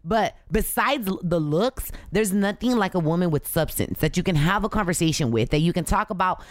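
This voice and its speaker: A woman's voice: fairly low pitch, a little fast, no room sound, studio quality. A young woman, a podcast guest, talking candidly and bluntly in casual chat, with lots of swearing. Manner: candid, blunt and profane, animated.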